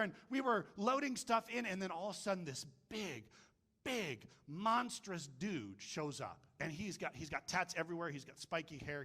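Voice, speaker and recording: A man preaching a casual, joking sermon, telling stories and doing voices for the people in them. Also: high voice. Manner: jokey, animated storytelling with voices. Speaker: pastor.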